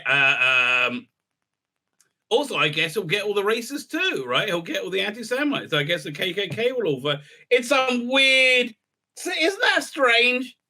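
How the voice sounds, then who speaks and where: Bright-voiced man, lively rambling commentary. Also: fairly high pitch. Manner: rambling and sarcastic, laughs often. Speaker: rabbi and political commentator. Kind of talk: casual commentary monologue.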